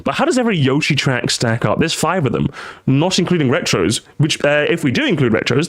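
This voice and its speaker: A young man chatting casually on a live stream. He is jokey and animated, and now and then jumps into high, squeaky exclamations. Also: brisk.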